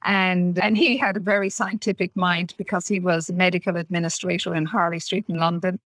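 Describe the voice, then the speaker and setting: A woman from Ireland with an Irish accent, a podcast guest and author telling her life story gently. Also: lowish voice, level tone, a little fast, no echo, rough recording. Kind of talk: interview storytelling.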